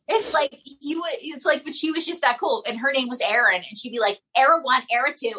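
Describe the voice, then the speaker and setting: A woman's voice: fairly high pitch, bright, forceful tone, slight background noise, low-quality recording. A woman, a guest ventriloquist and comedian, chatting and telling stories on a podcast, laughing often. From United States. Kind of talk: casual podcast chat.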